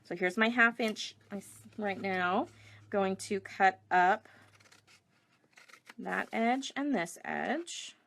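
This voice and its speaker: A woman's voice: mid-range voice, drawn-out words, vocal fry, pauses often, a bit bright. A middle-aged woman demonstrating a paper craft project live, chatting and greeting viewers between steps. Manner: chatty, reads viewer comments aloud.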